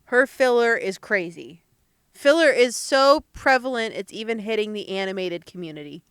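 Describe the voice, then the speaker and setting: Playful young woman with a smooth voice. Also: mid-range voice, lively intonation, normal speed, fairly bright tone, dry recording. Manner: playful, teasing, laughs a lot. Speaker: podcast co-host. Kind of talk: casual chat.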